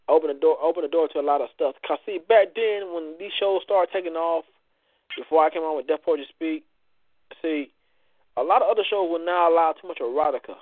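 Male show host, high and animated, brash and preachy, dry phone-quality audio. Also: dry recording. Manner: loud, playful, preachy banter with frequent cursing. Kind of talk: casual radio-style chat.

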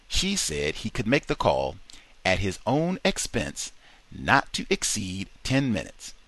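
A man's voice: fairly low pitch, vocal fry, fairly bright tone, no room sound. A man reading a book aloud to a study group, expressively voicing its quoted dialogue. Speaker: reader in a book study session.

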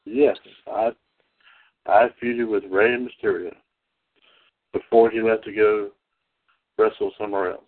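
A man hosting a casual wrestling podcast, talking haltingly with lots of fillers and easy laughs. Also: lowish voice, steady tone. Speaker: podcast host. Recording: tinny phone-line sound.

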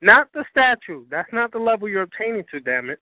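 A high-pitched man holds forth as host of a spiritual talk show, emphatic and profane, often checking "you understand?" His voice comes through a narrow, phone-like line. The sound is dry, with no room echo. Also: big pitch swings, a little fast.

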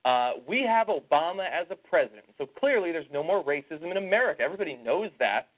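A man's voice: fairly high pitch, big pitch swings, fast talker. A man co-hosting a casual political talk show, sarcastic and reading out tweets with scorn. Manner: sarcastic, reads out tweets mockingly. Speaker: podcast co-host. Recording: tinny phone-like sound.

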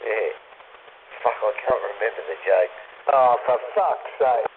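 A man's voice: medium pitch, measured pace. A man with an Australian accent chatting over CB radio, rambling, swearing freely and laughing often. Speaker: CB radio caller. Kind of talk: casual banter over CB radio. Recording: tinny CB radio with hiss.

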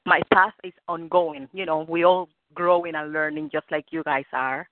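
A woman's voice: sits low, fairly even intonation, no echo. Cuban-accented woman on a phone line. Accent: Cuban Spanish. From Cuba. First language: Spanish. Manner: warm-hearted, laughs often, halting with fillers. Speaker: guest speaker. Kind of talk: casual call talk.

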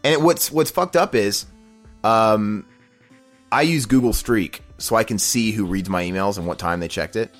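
A man's voice: lowish voice, normal speed, soft background music. A man hosting a podcast, telling a long, profane complaint story in casual chat and mocking the people he quotes. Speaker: podcast host.

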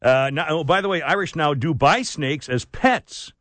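A man's voice: on the high side, moderate pace, a bit bright, dry recording. A man hosting a talk radio show, chatting casually and rambling with asides and restarts. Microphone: studio microphone.

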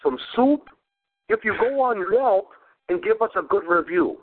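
A man's voice: sits high, animated, a little slow, pitched above the performer's own voice. A man voicing a pushy male restaurant owner who speaks clipped, broken English, over a phone-like lo-fi line. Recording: phone-like lo-fi sound.

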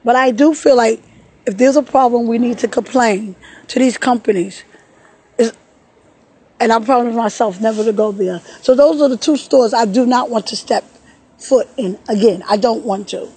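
A woman vlogging outdoors in a park, upset and tearful, talking haltingly and repeating words as she recounts a bad experience. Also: a little high, warm tone, husky, rough recording. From New York. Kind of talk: emotional personal vlog.

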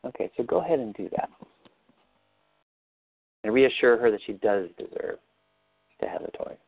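Gravelly-voiced man coaching gently over a call. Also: medium pitch, expressive, moderate pace, no echo, narrow, tinny audio, soft background music. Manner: gentle, probing questions. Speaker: life coach leading a session. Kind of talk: guided coaching session.

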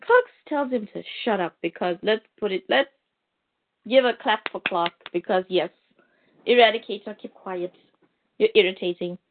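A woman's voice: mid-range voice, normal speed. A woman reviewing comics in a casual recap, retelling the plot with fillers and asides. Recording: tinny phone-like line.

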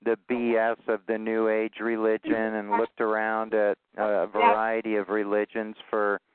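A low-voiced man in his sixties runs a call-in show, talking in a long, earnest, rambling way. His voice comes through a thin, tinny phone line. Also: completely flat delivery, unhurried, background noise. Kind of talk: conference call talk.

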